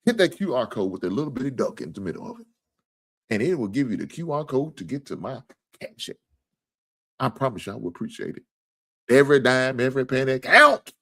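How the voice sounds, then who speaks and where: A man's voice: mid-range voice, big pitch swings, a little fast, a bit bright. A man hosting a casual sports talk livestream, joking, swearing freely and thanking viewers for donations. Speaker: sports talk show host.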